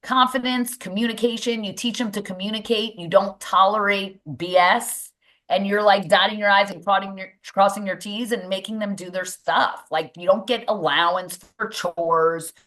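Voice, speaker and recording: A woman's voice: mid-range voice, fairly even intonation, moderate pace, a bit bright. A woman, a mindset coach and boxing gym owner, speaking emphatically as a podcast guest and repeating phrases for stress.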